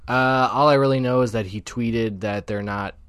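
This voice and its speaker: A man's voice: mid-range voice, fairly even intonation, moderate pace, fairly bright tone, smooth, dry recording. A man with an Ohio accent co-hosting a podcast in casual chat, laid-back and dry, with short reactions. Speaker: podcast co-host.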